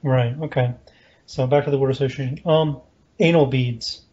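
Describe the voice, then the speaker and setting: A man hosting a podcast, firing off brisk questions in a casual chat. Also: mid-range voice, fairly even intonation, dark tone, dull audio. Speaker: podcast host.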